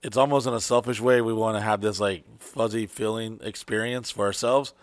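A man's voice: fairly low pitch, fairly even intonation, brisk, no room sound. A man chatting casually as a podcast host, swearing freely and acting out quotes as he tells stories. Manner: profane, storytelling, acts out quotes in voices. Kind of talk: casual chat.

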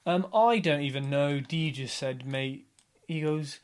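Brief: man in his thirties, a podcast guest with a slightly higher voice, lively and chatty, acts out quotes. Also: measured pace, smooth. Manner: animated storyteller, acts out others' lines. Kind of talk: casual podcast chat.

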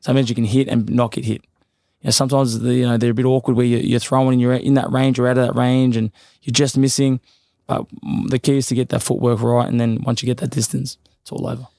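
Male boxer, rapid casual speech, dry recording. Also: mid-range voice, little pitch movement, warm tone, no echo. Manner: rapid, loose, repeats fillers. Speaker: professional boxer, guest. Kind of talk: casual interview chat.

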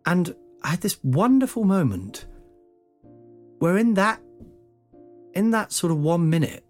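A man's voice: sits high, takes it slowly, long pauses, soft background music. A man in his forties casually telling a funny personal story as podcast host, swearing and acting out the voices. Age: 40s. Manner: lively, swears, acts out voices.

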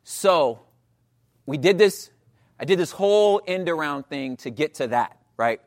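Casual slang-heavy preacher, a man in his thirties, pitched high, talks like chatting with friends. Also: measured pace. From Los Angeles area. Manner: animated, slangy, asks the crowd "you know what I'm saying". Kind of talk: conversational sermon.

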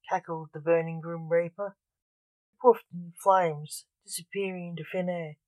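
A storyteller narrating a short tale aloud at a very slow, measured pace. The voice sits at a middle pitch. The sound is dry and close, with no room echo. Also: little pitch movement.

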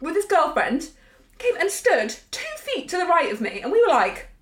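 A pregnant woman co-hosting a podcast, telling stories in a lively way and swearing freely. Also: very high-pitched, normal speed, reverberant. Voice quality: swears freely, animated storyteller. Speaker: podcast co-host. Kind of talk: casual chat.

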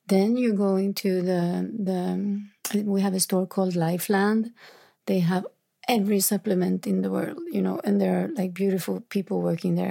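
A woman talking through a recent hard day in a reflective, halting monologue, sometimes dropping into whispery asides. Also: mid-range voice, gravelly, dark tone, slightly rough. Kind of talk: personal confessional monologue.

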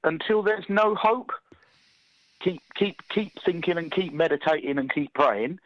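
A man's voice: fairly high pitch, animated, a little slow, dry recording, lo-fi sound. A man co-hosting a podcast, chatting in a casual, supportive way. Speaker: podcast co-host. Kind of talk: casual chat.

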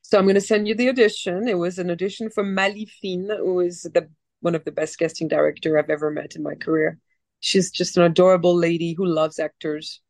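A woman in her forties with a light French accent, telling her story as a guest in a casual interview, animated and rambling, with many restarts. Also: fairly low pitch, no echo. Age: 40s. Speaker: actress guest.

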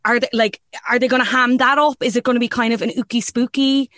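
A woman's voice: on the high side, fairly even intonation, fast talker, a bit bright, no room sound, clean studio sound. A woman who hosts a podcast, asking questions in a chatty, enthusiastic way. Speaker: podcast host. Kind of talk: casual chat.

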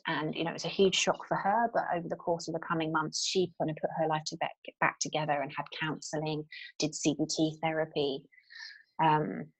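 A woman, a guest telling a personal story in an interview, candid and halting with frequent fillers and restarts. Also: on the low side, husky, rough recording.

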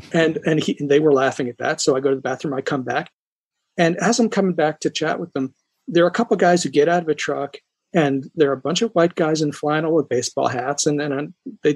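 A man from New York with a husky, fairly high voice tells stories as a podcast guest. He restarts his sentences often and keeps an animated, conversational flow. The recording is close and dry. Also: dry recording. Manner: animated storyteller, frequent restarts. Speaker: psychologist guest.

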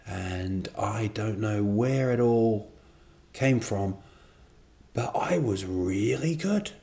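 A man's voice: lowish voice, lively intonation, slow pace, creaky, warm tone. A man, a comedian, talking alone on his podcast in a casual, rambling, self-deprecating way, drifting from one digression to the next. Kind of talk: casual solo podcast monologue.

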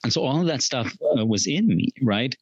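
A middle-aged man talks earnestly as a podcast guest, restarting his sentences and laughing at himself now and then. His voice sits in a middle pitch. The recording is dry and a little dull. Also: expressive, brisk, breathy edge, dry recording. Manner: earnest, warm self-talk with frequent restarts and laughs. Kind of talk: reflective conversational chat.

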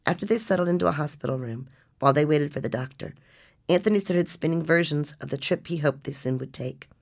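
A woman reading a nonfiction story as narrator, with a measured, restrained delivery. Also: sits low, creaky.

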